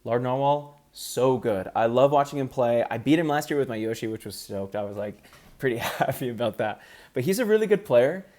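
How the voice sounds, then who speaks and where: Man, casual gaming commentary, chatty and upbeat, middle pitch, fillers. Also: lively intonation, brisk, darkish tone. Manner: chatty, upbeat, frequent ums. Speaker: competitive gamer ranking players.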